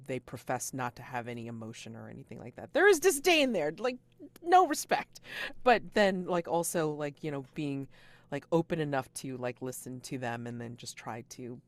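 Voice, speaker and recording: A man giving casual feedback after a tabletop game session, rambling with many fillers and jumping into excited outbursts. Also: medium pitch.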